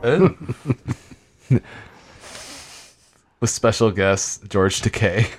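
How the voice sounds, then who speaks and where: A podcast co-host in loose, joking chat. His voice sits on the low side, and he talks with animated energy, laughing and swearing freely. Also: very slow. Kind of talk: casual comedic chat.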